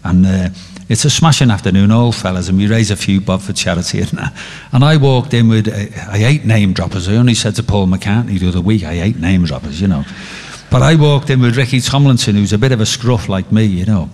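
A man's voice: fairly low pitch, brisk, darkish tone. A man telling jokes and stories in a chatty way, laughing at his own punchlines. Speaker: joke teller. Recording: long hall reverb.

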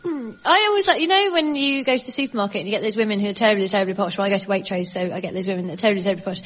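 A woman's voice: medium pitch, rapid-fire, a bit bright, muffled recording. A woman on a comedy panel, riffing in a chatty, exaggerated storytelling way. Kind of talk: comic rant.

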